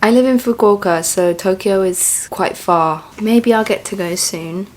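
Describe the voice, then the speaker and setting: A woman's voice: mid-range voice, unhurried, darkish tone. A young woman vlogger chatting casually and musing to herself as she reacts. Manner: chatty, musing, self-reflective.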